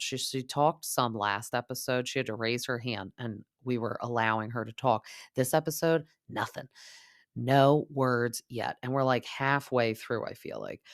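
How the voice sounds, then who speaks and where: A young woman hosting a podcast, recapping reality TV in a chatty, gossipy way and quoting the cast in quick impressions. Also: very deep voice. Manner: chatty, gossipy, lots of "like", mimics cast members. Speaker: podcast host.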